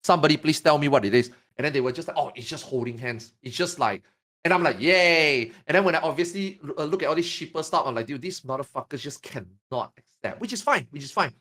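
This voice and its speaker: A man from Singapore in casual podcast chat, telling stories in an animated, profane, emphatic way. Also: a little high, fast talker.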